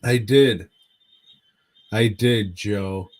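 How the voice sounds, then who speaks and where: A man's voice: on the low side, extremely slow, a little mellow. A man co-hosting a podcast, recapping a movie in casual chat as a profane, rambling storyteller. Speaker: podcast co-host.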